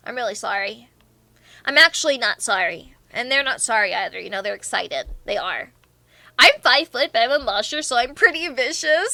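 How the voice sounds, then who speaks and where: A woman's voice: fairly high pitch, pushed and bright, dry recording. A young woman streamer chatting casually and reading out viewer comments, bubbly and playfully teasing.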